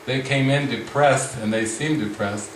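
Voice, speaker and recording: A man leading a spiritual retreat discussion, speaking slowly and reflectively with frequent restarts. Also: mid-range voice, a little hiss or hum. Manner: slow, reflective, many restarts. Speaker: spiritual teacher. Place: retreat room with a group. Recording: roomy sound from the mic's distance.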